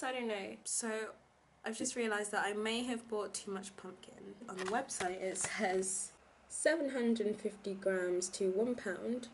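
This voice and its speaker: A woman's voice: on the high side, a little hiss or hum. A young woman chatting casually in a vlog, rambling with lots of fillers. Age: young adult. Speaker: vlogger teaching abroad. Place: home kitchen, indoors.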